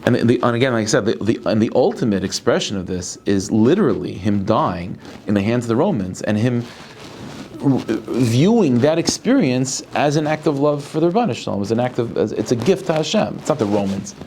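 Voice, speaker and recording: A male rabbi giving a Torah lecture. He talks in halting bursts, restarting and repeating words as he thinks aloud. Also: mid-range voice, expressive, a little mellow, a little hiss or hum.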